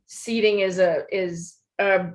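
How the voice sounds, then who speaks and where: A woman's voice: medium pitch, steady tone, slow pace. A woman co-hosting a podcast in casual chat, reflective and questioning, with dry comebacks. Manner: reflective, asks probing questions, dry retorts. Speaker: podcast co-host.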